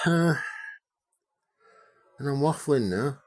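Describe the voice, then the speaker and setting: A man talks through his radio restoration at his own unhurried pace, his voice sitting very low. He rambles, swears and pokes fun at himself while calling out names to viewers. The sound is close and dry. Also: dry recording. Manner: rambling, sweary, self-deprecating. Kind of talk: casual workshop vlog talk with shout-outs.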